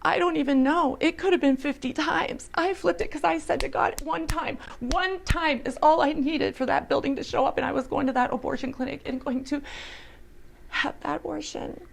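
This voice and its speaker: A woman's voice: high-pitched, fairly even intonation, normal speed, vocal fry. A woman telling an earnest, emotional personal testimony, sometimes dropping to a whisper. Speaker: storyteller.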